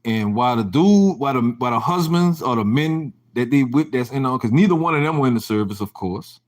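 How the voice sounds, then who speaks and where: A man's voice: mid-range voice, expressive, a little fast. A man hosting a casual livestream rant, telling profane, rambling stories with frequent restarts and mocking, laughing gossip. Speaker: livestream host.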